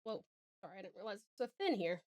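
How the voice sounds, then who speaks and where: A woman's voice: mid-range voice, sing-song, fast talker, darkish tone. A young Australian woman with an Australian accent, chatting casually on a live stream, reading chat aloud and laughing often.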